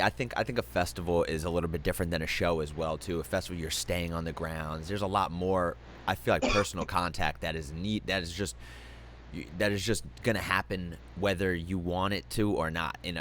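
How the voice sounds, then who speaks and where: A man's voice: low-pitched, fairly bright tone, slight background noise. A young adult man hosting an interview, talking casually with many ums and restarts and some swearing. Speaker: host.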